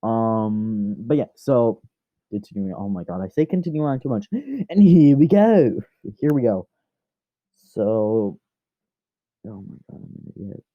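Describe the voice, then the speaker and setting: A man's voice: fairly low pitch, fairly quick, no echo, highs cut off. A man rambling through a casual fan story, chatty and often correcting himself.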